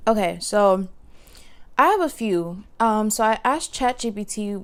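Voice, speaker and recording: A woman's voice: mid-range voice, animated, measured pace. A young woman hosting a casual solo podcast, telling stories in a chatty way full of fillers. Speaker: podcast host. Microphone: podcast microphone.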